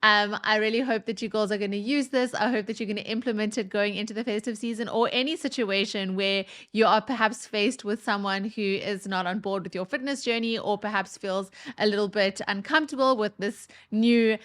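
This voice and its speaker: A woman hosts a fitness podcast in relaxed, casual conversation. She sounds upbeat and encouraging, and her speaking voice sits at an ordinary middle pitch. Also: fairly quick, few pauses. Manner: upbeat, encouraging, says "yes" often. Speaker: podcast host.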